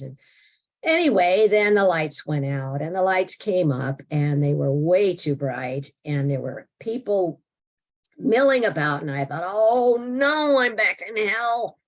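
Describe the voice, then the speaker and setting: An older woman, an interview guest, telling a personal story in an animated, expressive way and acting out her own thoughts. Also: low-pitched, creaky.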